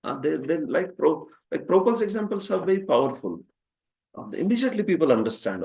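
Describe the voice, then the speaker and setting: Indian man teaching with lively asides. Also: fairly high pitch, fast, creaky. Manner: lively, asks "huh?" often, laughs at his own jokes. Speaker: scripture teacher. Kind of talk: classroom lecture with questions.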